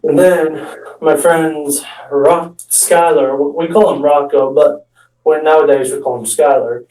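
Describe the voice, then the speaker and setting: A man's voice: fairly high pitch, steady tone, measured pace, mellow. A man telling a rambling comic story about his friends, with restarts and acting out what others said. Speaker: amateur stand-up storyteller. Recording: echoey room, mic far off.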